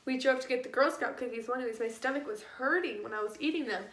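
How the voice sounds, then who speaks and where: A woman's voice: a little high, fast talker, a bit bright, echoey room, distant mic. A young woman telling a personal story in a casual vlog, slangy and repeating herself. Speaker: vlogger.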